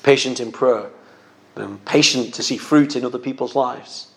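A man preaching a sermon in an earnest, gentle pastoral manner, sometimes repeating a word as he goes. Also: medium pitch, normal speed, gravelly.

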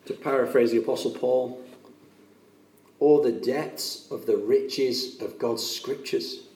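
An earnest man delivers a sermon with a warm, mellow tone, pressing his points home by repeating them. His voice sits a little high for a man and carries the echo of a large room, heard from some distance off the mic. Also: takes it slowly. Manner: earnest, emphatic, repeats key phrases. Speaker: preacher.

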